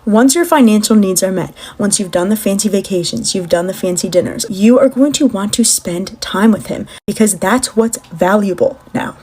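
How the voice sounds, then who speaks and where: A woman's voice: mid-range voice, moderate pace, few pauses, warm tone, breathy edge. A woman giving direct, admonishing relationship advice to her viewers. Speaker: social media commentator.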